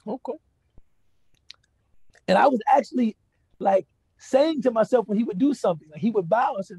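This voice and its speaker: A man's voice: very high-pitched, animated, moderate pace, creaky, long pauses, a little mellow, husky, dry recording. A man giving a lecture, telling a personal story in a conversational way, often asking the audience "right?" and "you know". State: moved to emotion. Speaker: Islamic speaker giving a lecture.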